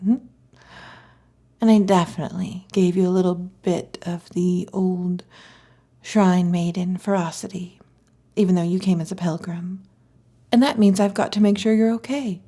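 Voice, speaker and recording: A young female fox spirit who guards her library, chatty and teasing, drifting into soft whispers, as a woman acts her out in a whispered role-play. Her voice is breathy and mellow rather than bright. She sounds protective and a little flustered, like a storybook kitsune keeper of books. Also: fairly low pitch, steady tone, normal speed, long pauses. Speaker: ASMR roleplay performer.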